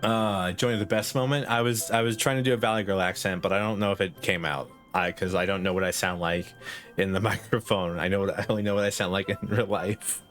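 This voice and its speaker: A man's voice: on the low side, fairly even intonation, a little fast, a bit bright, faint music behind. A young man streaming a game, joking, laughing and swearing in casual, rambling commentary.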